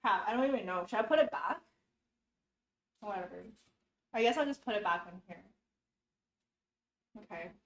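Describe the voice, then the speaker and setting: An expressive, medium-pitched voice moves at a moderate pace, pausing often. A young woman cooks at home for her YouTube viewers, chatty, a little flustered and giggling as she walks herself through each step; the kitchen sounds roomy, with faint noise.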